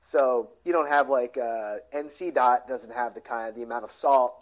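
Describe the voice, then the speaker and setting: A man's voice: mid-range voice, moderate pace. Man, forties, casual podcast co-host, rambly, lo-fi sound. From Philadelphia area. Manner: rambling, self-interrupting, trails off quietly. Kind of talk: casual chat.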